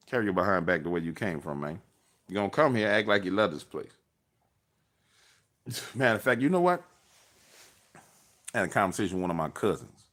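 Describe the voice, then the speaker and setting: A man hosting a political livestream from his car, blunt and profane in a casual monologue. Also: deep voice. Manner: blunt, profane, animated retelling.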